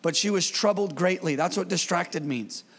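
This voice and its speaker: High-voiced gravelly pastor preaching. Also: male voice, moderate pace, big-room sound. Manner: lively, conversational preaching with call-and-response. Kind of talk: sermon. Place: church.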